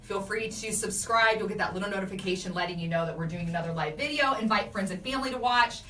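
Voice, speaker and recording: A young adult woman hosting a casual live video, reading viewer comments and telling animated stories about her kids. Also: medium pitch, quick pace, roomy sound, distant mic. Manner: chatty, animated storytelling with laughs. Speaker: radio host doing a live video.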